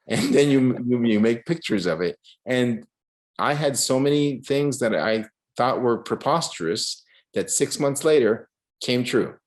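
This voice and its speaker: A man giving a casual artist talk over a video call, telling animated stories full of restarts and acted-out quotes. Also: medium pitch, a little slow. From Cuba. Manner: animated, many restarts, acts out quoted voices. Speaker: guest artist.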